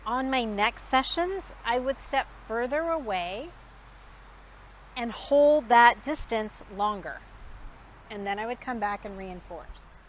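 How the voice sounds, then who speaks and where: A woman dog trainer teaching outdoors. She explains the training in a calm, quiet, measured way. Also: on the high side. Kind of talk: instructional dog training demonstration. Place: outdoors in a backyard. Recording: outdoor recording with faint background noise.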